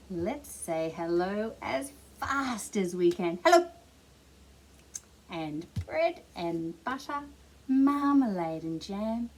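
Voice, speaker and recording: A middle-aged Australian woman leading a toddler storytime with a gentle, sing-song, encouraging delivery. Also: medium pitch, slight background noise, rough recording. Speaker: children's librarian. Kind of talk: toddler storytime reading and songs.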